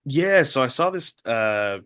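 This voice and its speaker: Relaxed man telling stories, dry sound. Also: mid-range voice, a little slow, dry recording. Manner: relaxed, retells stories with quoted voices, laughs easily. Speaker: podcast co-host. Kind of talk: casual chat, storytelling.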